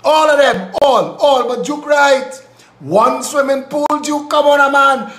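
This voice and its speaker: Trinidadian male host, very high voice, combative preachy rant, echoey room. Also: a little slow, a bit bright. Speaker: live show host. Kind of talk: political commentary rant.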